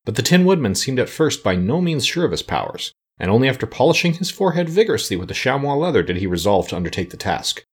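A man narrating a storybook aloud, expressive and changing his voice for each character. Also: mid-range voice, fast talker, few pauses, breathy edge. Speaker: audiobook narrator. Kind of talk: storybook reading.

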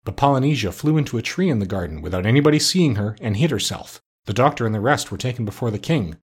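A man reading a children's storybook aloud in a measured, expressive narration. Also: mid-range voice, husky. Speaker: audiobook narrator.

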